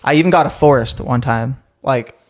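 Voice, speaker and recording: A man's voice: mid-range voice, normal speed. Rambling young man telling stories. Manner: rambling storytelling with frequent fillers. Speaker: podcast co-host. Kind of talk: casual chat.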